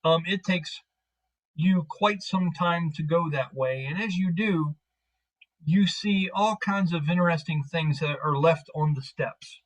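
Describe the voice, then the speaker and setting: Male game master, casual and rambling, voice on the high side. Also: measured pace, poor audio. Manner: casual, rambling with many fillers. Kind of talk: narrating a tabletop game.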